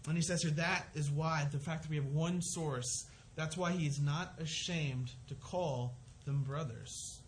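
A man's voice: on the high side, steady tone, a little slow, hardly any pauses, a little hiss or hum. Earnest conversational male pastor. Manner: earnest, conversational with frequent restarts. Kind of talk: sermon.

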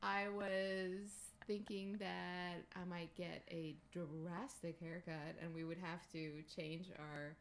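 A woman's voice: on the low side, flat delivery, takes it slowly, hardly any pauses, a little hiss or hum. A woman co-hosting a podcast, speaking candidly and wryly in casual chat. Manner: candid, wry. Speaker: podcast co-host.

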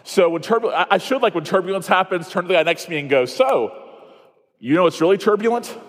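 A man from Iowa speaking at a conference, telling a self-mocking story that turns into a sermon, with quick asides and restarts. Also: sits high, animated, big-room sound. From Iowa, USA.

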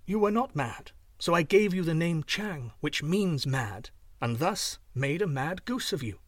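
A man voicing a kindly young man in a folk tale, speaking gently and soothingly. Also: fairly high pitch, expressive, measured pace, no room sound, clean studio sound. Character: kindly young man, formerly a cursed miser.

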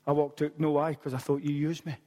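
A man's voice: on the high side, completely flat delivery, fast talker, dark tone. A man, preaching a sermon as a pastor and telling a story with humorous asides. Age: late 40s. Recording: long hall reverb.

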